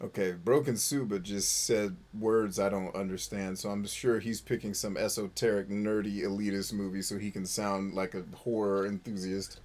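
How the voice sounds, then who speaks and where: A man's voice: on the low side, steady tone, moderate pace, few pauses, darkish tone. A man hosting a live game stream, chatting with viewers in a profane, joking, self-mocking way. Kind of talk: live gameplay commentary reading chat.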